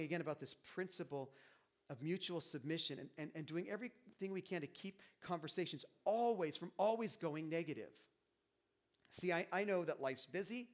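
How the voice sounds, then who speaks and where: Animated middle-aged male pastor preaching. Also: a little high. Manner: animated, jokey delivery with quoted asides. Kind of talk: sermon.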